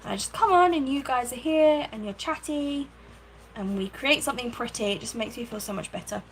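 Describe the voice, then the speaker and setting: A woman's voice: on the high side, a little fast, a little hiss or hum, poor audio. A woman hosting a casual craft livestream from her home craft room, chatting, thinking aloud and thanking viewers by name. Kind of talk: casual live-stream chat while crafting.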